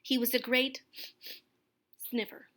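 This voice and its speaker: A young woman reading a children's picture book aloud, expressive and gentle. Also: high-pitched, takes it slowly. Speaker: storyteller.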